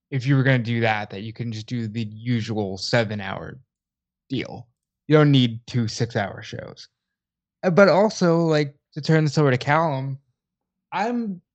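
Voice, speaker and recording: A man's voice: a little high, dull audio. A man co-hosting a casual podcast chat, blunt and opinionated with a frustrated edge. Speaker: podcast co-host.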